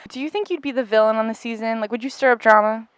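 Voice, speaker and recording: A woman's voice: a little high, fast, smooth, no echo. A young woman working as a student reporter, chatty and teasing as she questions people in casual campus interviews. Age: young adult.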